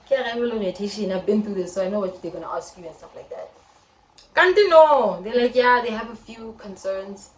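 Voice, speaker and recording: A woman's voice: mid-range voice, animated, fast talker, recorded from a distance. A young South African woman in her twenties, telling a story in a casual vlog and retelling it dramatically with quoted voices. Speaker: vlogger. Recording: echoey room, faint background noise.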